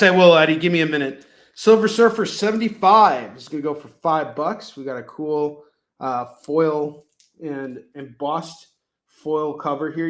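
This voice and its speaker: A man's voice: on the high side, a bit bright. A man hosting a live comic-book sale, pricing issues in jokey, rambling sales patter. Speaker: host selling comics. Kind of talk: live shopping stream. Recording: echoey room.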